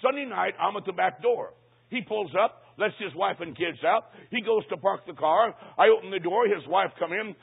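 A man's voice: high-pitched, expressive, normal speed, vocal fry, husky. A man preaching, telling a funny story with punchy comic timing and conspiratorial asides. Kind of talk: humorous sermon storytelling. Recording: tinny lo-fi line.

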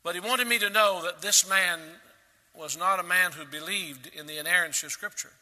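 A man delivers a sermon with a very bright, piercing tone that sits high for a man. He preaches emphatically, leaping to loud peaks and then falling back soft. His voice rings with the long reverb of a big hall. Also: moderate pace. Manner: emphatic preaching with sudden loud rises and quiet drops. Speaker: pastor.

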